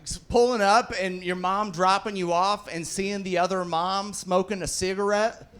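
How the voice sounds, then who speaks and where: Smooth, steady, and fairly bright, a high male voice moves at normal speed through a casual stand-up routine. The comedian, in his thirties, works a club stage in front of a live audience, swearing freely and acting out quotes from his stories.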